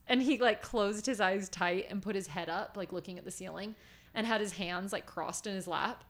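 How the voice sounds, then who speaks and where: Animated woman telling stories with laughs. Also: medium pitch, normal speed. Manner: animated storytelling, acting out quotes with lots of laughter. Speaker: podcast co-host. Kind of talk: casual chat.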